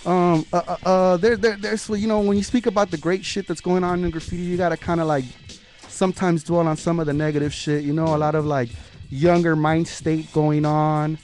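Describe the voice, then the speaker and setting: A man's voice: on the high side, flat delivery, darkish tone, soft background music. A man talking about his craft in a casual interview, cursing freely and stumbling over repeated words, saying "man" a lot. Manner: profane, halting, lots of "man" and repeated words. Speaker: graffiti artist guest.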